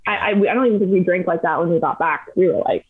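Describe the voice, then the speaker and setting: A young woman spins lively stories as a podcast guest. She talks casually, throwing in plenty of fillers. Her voice sounds thin and narrow, as if heard over a phone. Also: fairly low pitch, quick pace, slightly rough. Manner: animated, chatty, many fillers. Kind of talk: casual storytelling chat.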